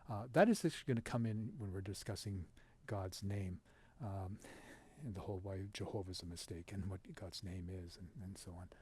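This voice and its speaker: A man giving an informal lesson over a shared screen, patient and explanatory, pausing often with fillers and restarts. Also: low-pitched, a little mellow, breathy edge. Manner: halting, with many fillers and restarts. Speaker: teacher.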